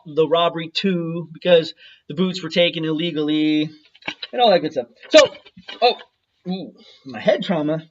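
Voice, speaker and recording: A man's voice: high-pitched, bright, forceful tone, highs cut off. A man in his thirties ranting to camera in a profane, mocking, taunting way, reading documents aloud between jabs. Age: 30s. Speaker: vlogger.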